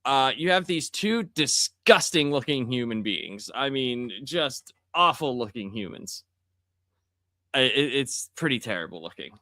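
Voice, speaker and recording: A man hosting a casual comic book review podcast, talking in an animated way and reacting loudly with disgust. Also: medium pitch, a little slow, dry recording, studio quality. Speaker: podcast host.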